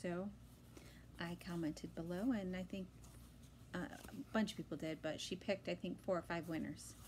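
A woman chatting casually at home in her vlog, excitable and talkative, her voice jumping high when she is thrilled. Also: normal speed, slight background noise, poor audio. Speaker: vlogger. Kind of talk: casual chat.

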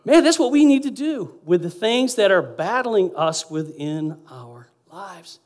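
A man preaching as a guest pastor, lively, acting out quotes and swinging between loud and quiet passages. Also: sits high, unhurried. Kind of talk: sermon.

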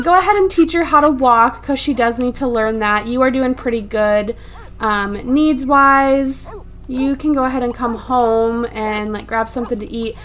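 High-voiced woman, exasperated gameplay chatter. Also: a bit bright. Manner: exasperated, swears freely, laughs often. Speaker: let's play gamer. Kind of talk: casual gameplay commentary. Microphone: desktop USB microphone.

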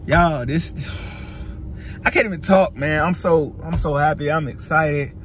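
A man vlogging casually from inside a car, excited and repeating himself as he teases an announcement to his viewers. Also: a little high, unhurried. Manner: excited, repetitive, keeps teasing an announcement. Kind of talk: casual vlog to camera. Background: faint car noise.

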